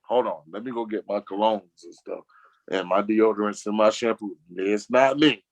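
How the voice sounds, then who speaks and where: A man, chatting casually as a talk-show guest, rambling and slangy, acting out quoted friends in a lower voice. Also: fairly even intonation, normal speed, dry recording, poor audio. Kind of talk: casual chat.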